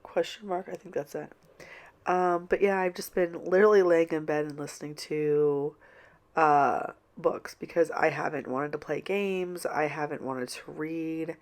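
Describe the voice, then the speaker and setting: A woman's voice: low voice, steady tone, unhurried. A middle-aged woman with a stuffed-up nose from a cold, chatting casually and apologetically in a home voiceover. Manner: apologetic, rambling. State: congested, stuffy-nosed from a cold. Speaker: planner vlogger. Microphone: home voiceover mic.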